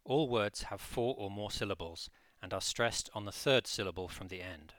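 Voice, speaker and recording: A man slowly reading a pronunciation drill with careful, deliberate enunciation. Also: fairly low pitch, fairly bright tone, dry recording. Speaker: pronunciation teacher. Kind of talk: slow scripted pronunciation drill.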